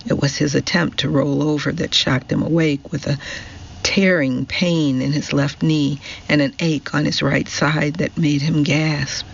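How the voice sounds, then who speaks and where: Man narrating a novel, measured, gravelly, slightly high pitch, dull lo-fi audio with faint hiss. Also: flat delivery. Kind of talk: scripted narration.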